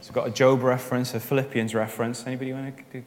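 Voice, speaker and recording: A man leading a church group discussion, chatty and encouraging, with quick asides. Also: mid-range voice, flat delivery. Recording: long reverb in a large hall.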